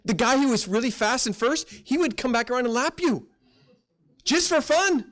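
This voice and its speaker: Lively high-voiced male pastor. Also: normal speed. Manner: folksy storytelling, acts out quotes. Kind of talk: sermon.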